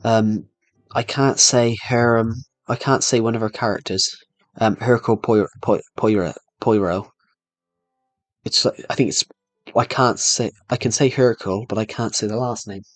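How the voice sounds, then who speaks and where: A young man talks loosely to his live chat as he plays, tripping over his words and laughing at himself. His mid-pitched voice sits close and dry on the mic, with faint game music underneath. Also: fairly even intonation, moderate pace, no room sound. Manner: rambling, self-deprecating, stumbles over words. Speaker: livestreamer. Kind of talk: casual live-stream chat while playing.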